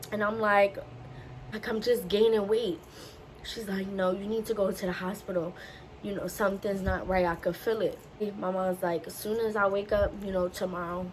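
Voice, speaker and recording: A young woman vlogger casually telling a personal story, chatty and animated, acting out what others said. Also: mid-range voice, slight background noise, low-quality recording. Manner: chatty, animated, acts out quotes.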